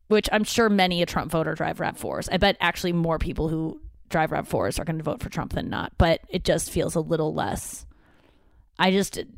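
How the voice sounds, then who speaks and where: Low-voiced woman comedian rambling, dry close mic. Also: vocal fry, no echo. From St. Louis area. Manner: rambling, profane, acts out others' lines. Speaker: stand-up comedian and podcast host. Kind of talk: casual solo storytelling monologue. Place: home office, indoors.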